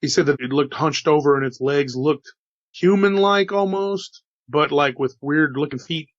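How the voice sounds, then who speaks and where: A man recounting a strange encounter in a casual storytelling manner, slightly hoarse after an illness, dropping "you know" and "dude" as he goes. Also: fairly high pitch, moderate pace, no room sound, highs cut off. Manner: relaxed, chatty, says "dude" and "you know". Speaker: storyteller relaying witness accounts.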